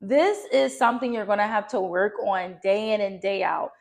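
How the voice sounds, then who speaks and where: Encouraging woman with vocal fry. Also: medium pitch, normal speed. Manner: encouraging, direct, repeats phrases for emphasis. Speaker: lifestyle vlogger. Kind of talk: motivational advice to camera.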